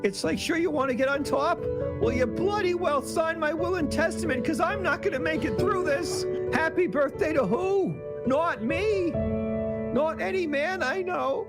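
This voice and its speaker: A man's voice: very high voice, a little slow. A man playing a fretful, mock-earnest Canadian male pundit in a comic impression, ranting and apologizing. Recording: clip with loud music behind.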